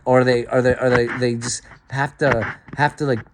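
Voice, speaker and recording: A man's voice: mid-range voice, little pitch movement, normal speed, heavy background noise. A man in a rambling monologue to camera, swearing often, restarting his sentences and swinging between muttered asides and emphatic outbursts. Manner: profane, stream-of-consciousness, many restarts and stumbles.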